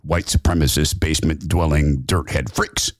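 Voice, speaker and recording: A man putting on a low, gruff, scornful voice for a heckler. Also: steady tone, normal speed, no echo, studio quality. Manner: scornful, blunt.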